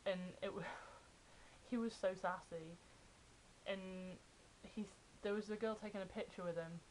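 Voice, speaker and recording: A young adult woman, excitedly telling fan stories in a casual vlog. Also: mid-range voice, measured pace, slight background noise, rough recording. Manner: chatty, excited retelling of fan anecdotes. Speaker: vlogger.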